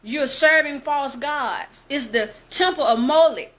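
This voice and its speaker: A woman reading scripture aloud and preaching with passion, speaking straight to her listeners and slowing down to stress key phrases. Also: sits high, fairly bright tone. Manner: impassioned, addresses listeners directly. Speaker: bible teacher.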